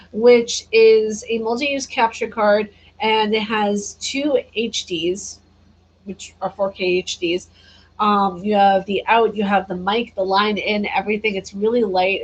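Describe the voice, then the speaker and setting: A woman's voice: mid-range voice, breathy edge, poor audio. A tired woman chatting casually on a gaming livestream, reading and answering viewer comments and laughing often. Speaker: gaming streamer.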